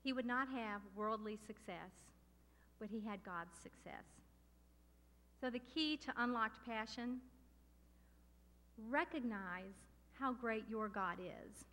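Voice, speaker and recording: A middle-aged woman preaching a sermon with passion and emphasis, slowing down to stress key words. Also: a little high, a bit bright. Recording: long hall reverb.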